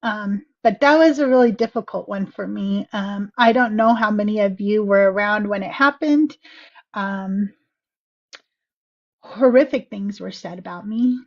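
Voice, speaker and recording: A woman's voice: mid-range voice, measured pace, lo-fi sound. A woman on a podcast reciting spoken-word poetry and then talking candidly, emotional and close to tears, swearing freely. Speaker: podcast guest.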